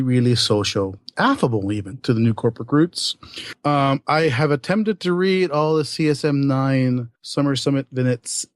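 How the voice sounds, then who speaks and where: Hoarse guy late thirties rambling on a gaming podcast, jokey and self-mocking, dry close mic. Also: medium pitch, no room sound. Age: late 30s. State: hoarse, hungover. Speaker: podcast co-host. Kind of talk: casual gaming podcast chat.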